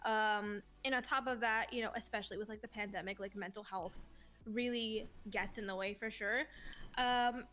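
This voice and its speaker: A woman's voice: fairly high pitch, pushed and bright. A woman in her twenties, a streamer guest, telling stories in a casual interview in a gushing, heartfelt way and swearing casually.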